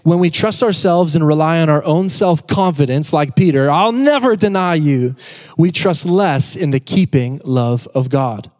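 Male pastor, conversational sermon, joking asides, slightly high voice, long hall reverb. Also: normal speed, few pauses, a little mellow. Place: church sanctuary.

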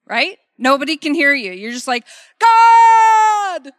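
High-voiced emphatic woman preacher. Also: lively intonation, a little fast, bright, forceful tone, no room sound, studio quality. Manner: emphatic, repeats key phrases, checks in with "okay?". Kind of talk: conversational sermon.

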